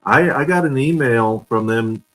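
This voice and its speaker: Speaking at a measured pace in a medium-pitched, fairly bright voice, a fan show host tells stories and laughs frequently during a casual live stream. The video call recording is rough.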